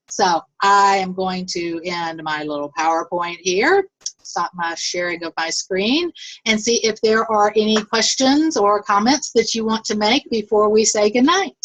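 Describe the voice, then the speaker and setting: A woman's voice: mid-range voice, fairly bright tone, rough recording. A woman leading her sales team on a video call, upbeat and encouraging, with many fillers. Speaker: network marketing team leader.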